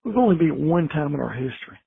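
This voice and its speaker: Gravelly, husky male caller on phone. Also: on the high side, very animated, fast talker, no room sound. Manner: weary, rambling. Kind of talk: call-in fan complaint. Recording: tinny phone line.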